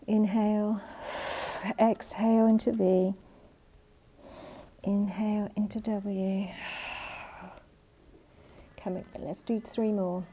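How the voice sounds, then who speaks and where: A woman with a mellow, softly rounded voice leads an online Pilates session, calling out breaths and counting down reps. She moves along with the class and sounds a little winded. Her cues stay calm and steady, sometimes dropping to a breathy near-whisper. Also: mid-range voice, slow pace, pauses often. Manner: calm cueing, counting reps, breathy asides while exercising. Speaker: Pilates instructor. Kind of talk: online exercise class instruction. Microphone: worn mic.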